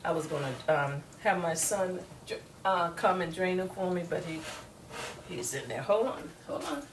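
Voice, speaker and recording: A woman's voice: lowish voice, lively intonation, normal speed, a little hiss or hum, poor audio. A woman hosts a casual home cooking demonstration, chatting in a folksy way straight to her viewers. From US South. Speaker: cooking show host. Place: home kitchen. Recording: loud frying sizzle behind voice. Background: food sizzling in a frying pan.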